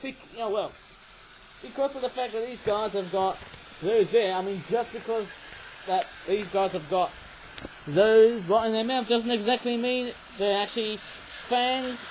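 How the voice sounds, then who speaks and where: A man with a strikingly high voice rambles through a casual toy review, often ending his sentences with a questioning "eh?". He raises his voice to carry over a rattling toy train, and a faint hum of noise sits behind him. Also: unhurried, poor audio. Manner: rambling, chatty, tags lines with "eh?". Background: toy train running.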